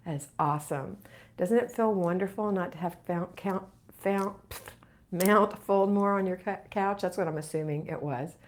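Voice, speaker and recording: Woman host, lowish voice, middle-aged, chatty, encouraging, live viewer Q&A. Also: moderate pace, a little hiss or hum. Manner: chatty and encouraging, reads comments aloud. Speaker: home organizing channel host. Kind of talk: live Q&A reading viewer comments.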